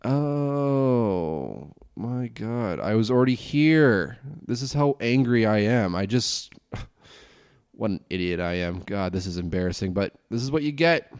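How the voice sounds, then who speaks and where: A young man hosting a casual solo podcast, rambling and self-deprecating, grumbling with sudden high exclamations. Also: expressive, takes it slowly, a little mellow, smooth. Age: young adult. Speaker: podcast host.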